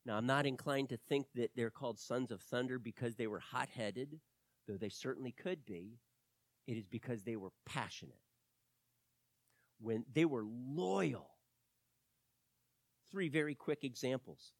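A man preaching a sermon, telling stories animatedly and swinging between loud bursts and hushed moments. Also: medium pitch, a little slow, pauses often, dry recording.

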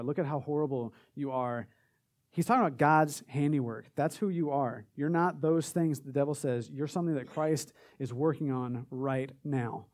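A man's voice: a little high, darkish tone. A young man giving an informal sermon to a group, earnest and conversational, with lots of filler words as he builds through a list of affirmations. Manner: earnest and conversational, with many "like" fillers, rising in intensity through lists.

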